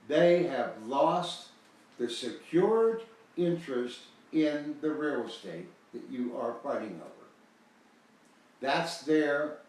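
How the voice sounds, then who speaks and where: A man's voice: on the high side, a little mellow, recorded from a distance. An older American man talks in a loose, folksy way, leaning hard on key words as he rambles. His voice bounces around a very echoey room. The mic sits well away from him. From United States. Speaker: host selling a foreclosure guide. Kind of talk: casual promotional talk.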